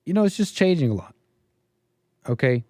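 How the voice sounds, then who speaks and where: A man hosting a casual livestream, his voice sitting a little high for a man. He rambles and hesitates, piling up fillers and restarts. The sound is close and dry, with no room around it. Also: very animated, normal speed, dark tone, no echo. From Canada. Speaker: livestream host taking calls.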